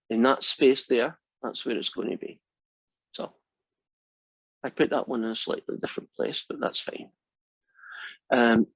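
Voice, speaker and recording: A Scottish man teaching a college math class, relaxed and chatty with a dry, teasing humor. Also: mid-range voice, dry recording, dull audio. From Scotland. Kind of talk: classroom lecture.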